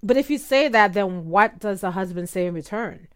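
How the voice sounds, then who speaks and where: A woman hosting a podcast as a speech coach, explaining and demonstrating softer ways of speaking with rising uptalk. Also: mid-range voice, normal speed, clear, resonant tone. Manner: demonstrates tones, rising uptalk in quoted examples. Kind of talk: instructional podcast talk.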